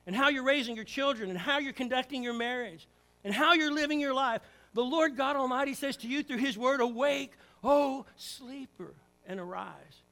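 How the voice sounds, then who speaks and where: A man preaching a sermon in a church, rising to loud emphatic calls and dropping to quiet, hushed prayer. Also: very high-pitched, expressive, brisk. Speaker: pastor. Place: church sanctuary.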